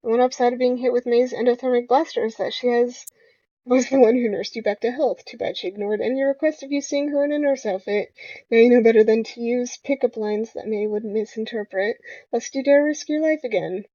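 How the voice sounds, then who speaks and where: A woman's voice: on the high side, a little fast, mellow, dry recording. A young woman playing a dating game aloud, reading the narration and joking playfully with frequent laughs. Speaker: gamer. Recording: dull lo-fi home recording.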